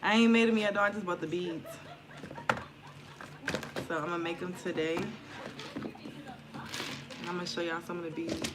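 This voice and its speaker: A woman's voice: on the low side, fairly even intonation, normal speed, long pauses. A woman reading tarot and chatting casually to viewers on a live stream at home, slangy and loose, swearing freely. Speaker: tarot reader and spiritual content creator. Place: indoors at home near an open window. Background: outdoor noise through the window.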